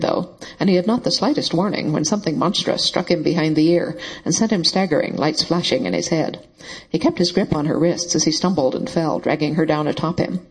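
A man narrating a novel in a steady, even storytelling voice. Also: fairly high pitch, breathy edge, poor audio. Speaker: audiobook narrator. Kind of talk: scripted narration.

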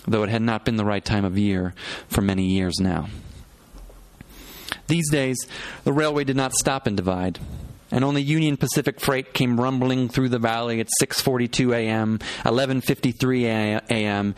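Man reading a reflective first-person novel. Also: medium pitch. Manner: measured, reflective, phrase-by-phrase pacing. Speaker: audiobook narrator. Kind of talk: first-person literary narration.

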